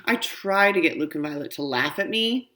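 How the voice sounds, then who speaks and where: Expressive woman reading a children's book. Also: deep voice, moderate pace. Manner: expressive, childlike first-person narration. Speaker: audiobook reader. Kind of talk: children's book read-aloud.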